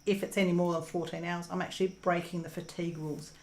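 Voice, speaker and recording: With a low, level, slightly mellow voice and a quick pace, the young Australian woman goes through viewer comments while diamond painting at home. The room is echoey, and her casual, rambling talk is filled with ums and laughs.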